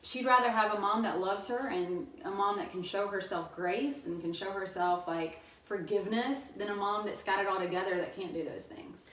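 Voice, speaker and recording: A woman in her thirties is a guest on a casual podcast, telling stories in a chatty way and often laughing. She speaks at a middling pitch for a woman. The sound is roomy and echoey, picked up from some distance. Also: normal speed, hardly any pauses, fairly bright tone.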